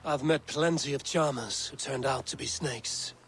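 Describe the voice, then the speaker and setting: A resolute warrior leader, voiced by a man who speaks in firm, terse statements. His voice is mid-pitched and steady. It is a video game voice. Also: moderate pace, a little hiss or hum, lightly acted. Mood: stern firm. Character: stern male warrior clan leader.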